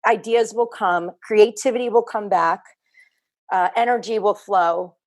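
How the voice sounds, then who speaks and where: Unhurried and medium in pitch, this woman's voice belongs to a thirtysomething fitness entrepreneur appearing on a podcast. She chats casually, earnest and thoughtful, circling back over her own words.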